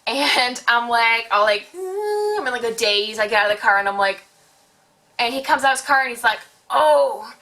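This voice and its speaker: Bright-voiced chatty teen woman. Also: fairly high pitch, a little fast. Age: late teens. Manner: chatty, heavy use of "like", animated retelling. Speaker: vlogger. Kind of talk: casual storytime vlog.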